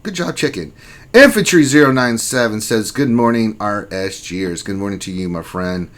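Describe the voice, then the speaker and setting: A man's voice: lowish voice, moderate pace, fairly bright tone. A man hosting a casual lunchtime livestream, greeting viewers by name and reading their chat messages aloud in a joking, laid-back way with casual swearing. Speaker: livestream host.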